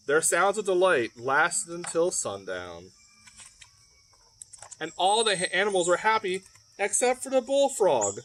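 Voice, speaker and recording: A man reading a picture book aloud for children, with a highish voice that rises and falls a great deal. He takes it slowly and breaks off for playful asides to the kids. Crickets and other insects chirp faintly behind him. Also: very animated, fairly bright tone. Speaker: library storyteller. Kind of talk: children's story read-aloud.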